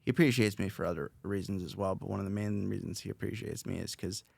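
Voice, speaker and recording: Low gravelly man rambling casually. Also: quick pace, no echo. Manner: rambling, self-reflective, many fillers and restarts. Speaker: podcast host, interviewed as guest. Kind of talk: casual podcast chat.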